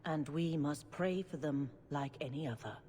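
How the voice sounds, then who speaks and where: Serene church leader voiced by a woman, low-toned, measured and authoritative, long hall reverb with faint hiss. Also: lightly acted. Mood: calm. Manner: calm, measured, gently authoritative. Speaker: grand cleric character. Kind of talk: video game voice acting.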